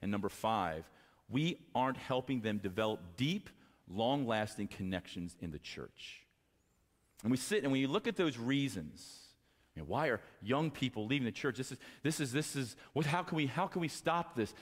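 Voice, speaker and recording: A male pastor preaching a sermon to fathers, impassioned, moving from quiet talk to raised exhortation. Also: mid-range voice, expressive, moderate pace, in a large hall. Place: church sanctuary.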